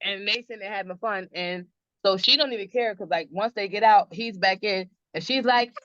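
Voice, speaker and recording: A woman's voice: mid-range voice, moderate pace, a bit bright, no echo. A woman guest telling stories about her family in a casual podcast chat. She laughs often and acts out what others said. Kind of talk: casual storytelling interview. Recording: dull lo-fi dry sound.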